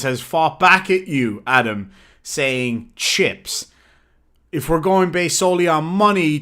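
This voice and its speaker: A man hosting a casual livestream and reading viewer messages aloud, playfully combative and quick to swear. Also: fairly high pitch, sharp tone. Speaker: livestream host.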